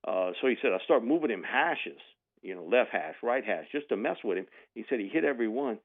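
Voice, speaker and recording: A radio guest tells a sports story in a medium-pitched, slightly quick voice, acting out the people involved. He's animated, laughing as he mimics their voices, and the call comes through a tinny phone line.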